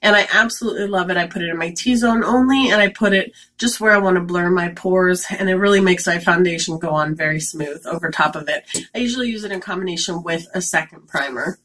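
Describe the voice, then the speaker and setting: A woman's voice: on the low side, fairly quick, fairly bright tone. A young woman giving chatty, enthusiastic product recommendations in a casual beauty vlog, with frequent fillers. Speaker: beauty vlogger.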